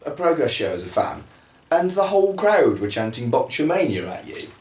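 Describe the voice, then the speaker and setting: A man's voice: mid-range voice, sing-song, normal speed, a little mellow. A man hosting a casual talk show, joking and playful. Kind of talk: casual chat. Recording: echoey room, from mic distance.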